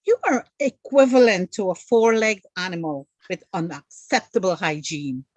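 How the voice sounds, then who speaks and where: A woman's voice: mid-range voice, normal speed, a little mellow, no echo, natural voice. A woman voicing a prim, overly formal woman who speaks in stiff, long-winded, polite phrases.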